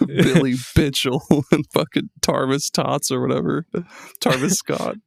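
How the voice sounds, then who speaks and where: A man in his thirties with a gravelly, mid-pitched voice co-hosting a casual podcast. He talks in a relaxed way, swears freely and laughs along. The mic is dry and close. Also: slow pace, no room sound. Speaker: podcast co-host. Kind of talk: casual chat.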